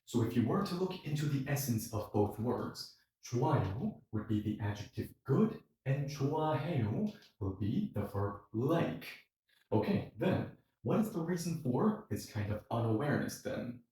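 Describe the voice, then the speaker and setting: Animated male teacher in an echoey room. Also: medium pitch, moderate pace, far from the mic. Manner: animated, acts out quoted dialogue. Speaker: Korean language teacher. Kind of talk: explanatory online lesson.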